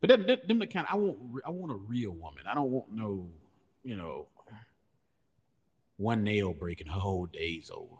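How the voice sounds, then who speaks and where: Joking man, lively low voice. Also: moderate pace, husky, long reverb tail, highs cut off. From Southern US. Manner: joking, animated storytelling. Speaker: podcast co-host. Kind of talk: casual chat.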